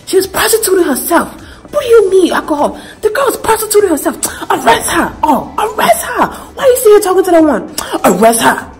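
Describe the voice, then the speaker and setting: A woman voicing a furious middle-aged father who yells and scolds his daughter, repeating accusations over and over. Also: extremely high pitch, very animated, brisk, soft background music, voice pushed up, heavily acted. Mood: outraged. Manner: yelling, accusing, repeating insults.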